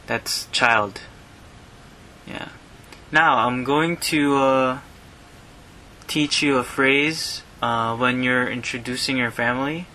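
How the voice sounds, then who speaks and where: Slow-paced male language teacher. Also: mid-range voice, rough recording. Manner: repeats words slowly, relaxed and friendly. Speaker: podcast host teaching Tagalog. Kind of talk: slow language lesson with repetition.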